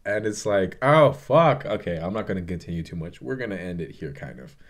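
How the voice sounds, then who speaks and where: A young man with a fairly low voice recaps a movie in a loose, heartfelt vlog. He swears freely and trails off into fillers as he rambles through the story. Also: animated, fast talker, a little mellow. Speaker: vlogger. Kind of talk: casual movie review.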